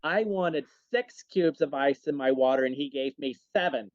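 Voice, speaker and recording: A man imitating a rude, demanding rich woman diner in a shrill, indignant voice. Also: normal speed, no echo, close to an everyday voice. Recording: dull dry sound.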